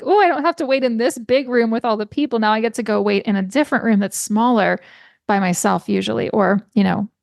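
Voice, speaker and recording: A woman's voice: medium pitch, a little mellow, no echo. Passionate woman podcaster, dry close sound. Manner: passionate, storytelling with emphatic repetition. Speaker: podcast host. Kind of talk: solo podcast monologue.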